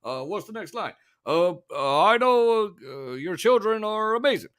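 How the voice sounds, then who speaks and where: A man doing a mocking impression of a smug male politician, halting and drawling with many filler sounds. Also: sits high, animated, a bit bright, smooth, no room sound, clean studio sound.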